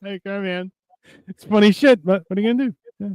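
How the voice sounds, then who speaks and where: Guy telling wild stories on a stream, swears a lot, laughs, slightly high voice, dry close mic. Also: fast, smooth, no echo. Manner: profane, laughing storyteller. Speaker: co-host. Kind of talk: casual storytelling chat.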